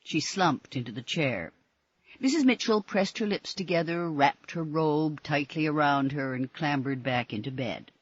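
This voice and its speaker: A woman reading an audiobook in expressive, measured scripted narration. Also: low-pitched, breathy edge, dry recording, dull audio.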